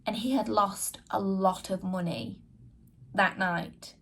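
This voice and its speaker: Her medium-pitched voice is gravelly, slightly bright, and breathy, holding a steady tone as she speaks slowly. As a podcast host, she talks straight to her audience, earnestly and frankly telling a personal story and replaying her past exchanges.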